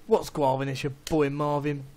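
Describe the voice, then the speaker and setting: A man's voice: fairly high pitch, little pitch movement, normal speed, mellow. Rowdy guy joking over a game. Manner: crude, rambling, laughing a lot. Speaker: gaming YouTuber. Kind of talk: casual gameplay banter doing silly accents.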